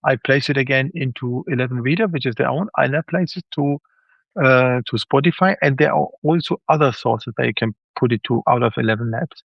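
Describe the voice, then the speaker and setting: A man's voice: medium pitch, brisk, creaky, no echo, lo-fi sound. A man with a German accent, native German speaker, chatting as a guest author in an interview and acting out quoted reactions. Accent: German, with some Swiss. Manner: animated, acts out quoted reactions. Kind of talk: casual interview chat.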